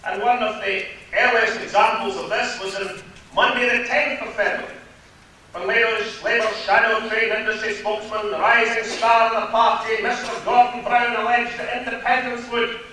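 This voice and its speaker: A man's voice: high voice, flat delivery, moderate pace, bright, forceful tone. A Scottish man giving a political rally speech in a hotel hall, rhetorical and sarcastic. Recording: very echoey hall from far off, faint noise.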